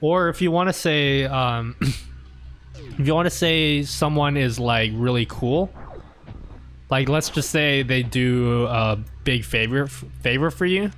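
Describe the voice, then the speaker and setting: An Australian man streaming a game, chatting casually in a relaxed, rambling way, clearing his throat often. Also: medium pitch, measured pace, slight background noise. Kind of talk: casual chat while playing.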